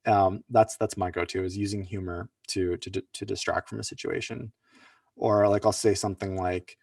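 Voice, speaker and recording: Man, workshop presenter, lowish voice, dry sound, casual and rambling. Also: flat delivery, normal speed, gravelly, darkish tone, slightly rough, no room sound, far from the mic. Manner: loose and conversational, many "like" fillers and restarts. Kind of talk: casual online teaching talk.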